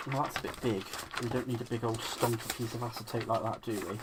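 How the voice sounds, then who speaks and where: A man's voice: medium pitch, steady tone, fast talker, very noisy. A man hosting a live crafting stream, chatting playfully to himself and his viewers with little giggles and silly repeated words. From United Kingdom. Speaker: craft channel host. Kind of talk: casual live crafting chat.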